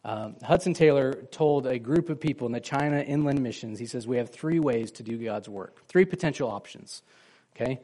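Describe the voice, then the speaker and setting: A man's voice: medium pitch, moderate pace, mellow. A man preaching a sermon in a conversational way, asking his listeners questions and acting out the lines of the people in his story. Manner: conversational, asks the congregation questions, acts out quoted lines. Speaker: pastor.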